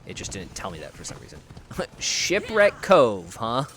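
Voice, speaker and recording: An American man with a lowish voice that swings widely up and down, talking loosely through a game as he plays. He rambles and pokes fun at himself, restarting sentences as he chats with his viewers. A faint hiss sits under the recording. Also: sing-song, brisk, pushed and bright. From United States. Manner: rambling, self-deprecating, thinks aloud with frequent restarts. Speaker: streamer. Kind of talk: live gameplay commentary, chatting with viewers.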